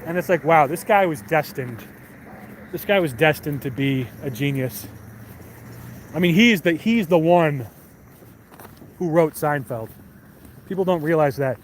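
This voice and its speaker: Young male streamer, slightly high voice, rambling profane chat on a night walk, faint traffic behind. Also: measured pace, pauses often. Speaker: live streamer. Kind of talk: casual chat to stream viewers. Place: city street at night, outdoors.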